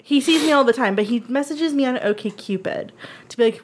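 A woman's voice: on the high side, a little fast, slight background noise. A woman in casual podcast chat, telling a dating story, acting out quotes and swearing freely. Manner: animated, swearing, acts out quotes.

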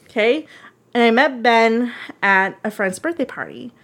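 A woman's voice: on the high side, measured pace. A woman in casual podcast chat, telling a dating story, acting out quotes and swearing freely. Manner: animated, swearing, acts out quotes.

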